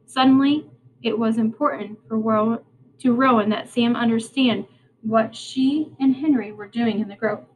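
A woman teacher reading a novel aloud to her class, unhurried and plain, with small slips and restarts. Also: fairly high pitch, a little hiss or hum, rough recording.

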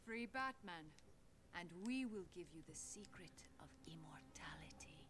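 A woman playing a poised, regal female assassin heir in a video game, speaking in a calm, formal, commanding way. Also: on the low side, measured pace. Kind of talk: video game cutscene acting. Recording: game audio under gameplay noise.

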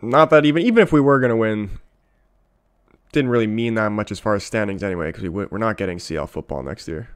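A man reacting to a football match as it plays, talking straight to his viewers. He is a fan who rants with raw emotion. His voice sits at an ordinary male pitch. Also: fairly quick, clean tone.

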